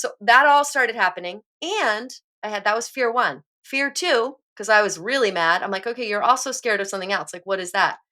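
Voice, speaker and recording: A woman co-hosting a podcast, telling a personal story in a candid, animated way and swearing now and then. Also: on the high side, normal speed, hardly any pauses. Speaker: podcast co-host. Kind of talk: casual chat, personal storytelling.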